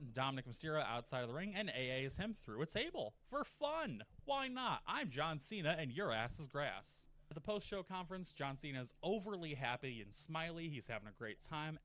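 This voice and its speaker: Profane, animated man telling a story. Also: fairly high pitch. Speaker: narrator of a wrestling rebooking video. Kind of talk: casual scripted commentary.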